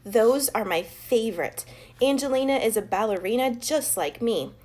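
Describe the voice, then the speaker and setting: A woman voicing a whiny, dramatic little schoolgirl in a storybook with a shrill, squealing voice. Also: lively intonation, moderate pace, darkish tone. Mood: excited.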